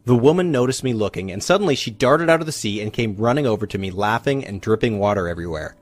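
A man, a relationship coach, narrating a scripted first-person story in an animated, confiding way. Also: on the low side, fast talker, no room sound.

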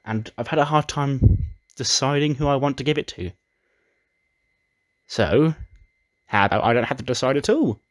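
A man's voice: medium pitch, animated, moderate pace, long pauses, dry recording, clean studio sound, voice pushed up, close to an everyday voice. A man doing a scheming lady boss. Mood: teasing. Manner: coaxing, secretive. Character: female wrestling authority figure, scheming and teasing.

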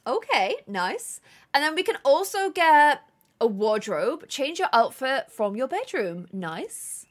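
A woman's voice: high-pitched, very animated, a little slow. A woman from England, chatting casually with viewers on a live gameplay stream and reading chat aloud.

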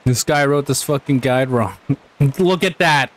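Slow-talking exasperated gaming host, man. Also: mid-range voice. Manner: exasperated, swears and laughs at himself. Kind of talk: gameplay commentary.

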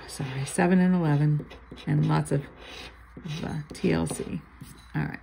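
A gravelly, fairly low-voiced older woman chats casually while scratching lottery tickets, calling out numbers and half-muttering asides. A faint hum of room noise sits under her voice. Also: steady tone, a little slow, long pauses, dark tone, poor audio. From Florida.

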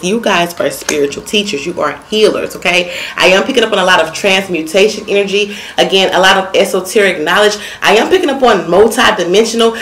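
A woman's voice: mid-range voice, a little fast, few pauses, fairly bright tone, low-quality recording. A woman from the Southern US with a Southern accent, giving a casual tarot reading in a brash, profane and comical way, rattling off long lists of words. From Southern United States. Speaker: tarot card reader.

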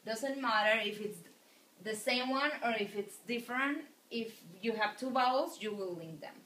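A woman teaching a recorded video lecture, speaking slowly and patiently and pronouncing words for students to repeat after her. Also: a little high, fairly bright tone. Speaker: Spanish teacher. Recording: echoey room.

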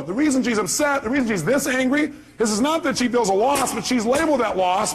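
A man's voice: very high voice, expressive, quick pace, few pauses. A man giving a live motivational seminar, speaking emphatically and firing rhetorical questions at the audience.

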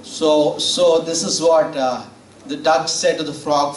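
A male preacher with a slightly high voice talks through a sermon in a loose, conversational way, stopping to question his listeners. He is heard from a distance in a roomy church sanctuary, with a faint hum of ambience behind him. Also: steady tone, slow pace. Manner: conversational, with fillers, asks the congregation questions. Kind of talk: sermon with storytelling. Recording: roomy church audio from far off.

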